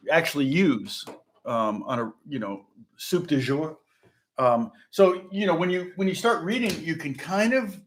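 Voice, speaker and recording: A middle-aged man from Indiana, a guitar teacher rambling through a casual lesson chat, chuckling and restarting often. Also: on the high side. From Indiana, USA.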